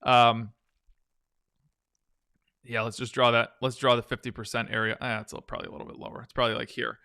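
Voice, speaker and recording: A man's voice: medium pitch, little pitch movement, fairly quick, creaky, pushed and bright, no room sound, clean studio sound. A man hosting a live stock trading stream, chatting casually with viewers and talking through charts. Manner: chatty, answers viewer questions while reading charts; hums 'dun dun dun' between tickers. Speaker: stock trading livestream host. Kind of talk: casual live market commentary.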